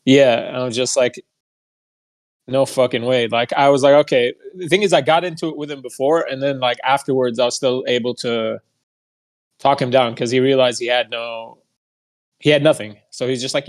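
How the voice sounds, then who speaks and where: A young man hosting a podcast tells a heated, profane story in a casual monologue and mocks the people he quotes. His voice is medium-pitched and moves at a normal speed.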